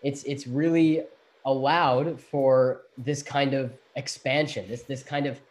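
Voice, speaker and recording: A man co-hosts a casual podcast chat, animated and playful. His voice sits in a middle range. He often restarts his sentences mid-thought. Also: mid-range voice, takes it slowly. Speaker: podcast co-host.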